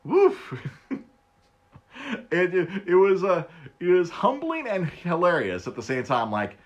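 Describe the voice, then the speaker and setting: A man in his thirties hosting a casual solo podcast, laughing often, stammering and repeating words, and jumping his voice high for quoted bits. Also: sing-song, measured pace, muffled recording. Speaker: podcast host.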